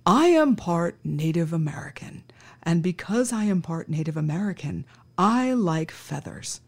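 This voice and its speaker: A woman voicing a slow, spaced-out stoner surfer man who talks in a drawl that half-drops to a whisper. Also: on the low side, animated. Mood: dreamy. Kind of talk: storytelling impression.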